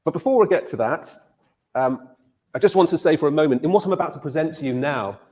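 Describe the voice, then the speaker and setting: A man's voice: on the high side, expressive, quick pace, darkish tone. A male university lecturer giving a lecture and telling a story, repeating words as he starts his phrases.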